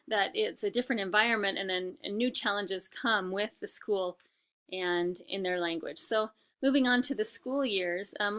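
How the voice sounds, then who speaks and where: A woman lecturing in a bright, clear-edged voice. She explains step by step, pausing on ums and restarting her sentences. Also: mid-range voice. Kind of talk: recorded lecture.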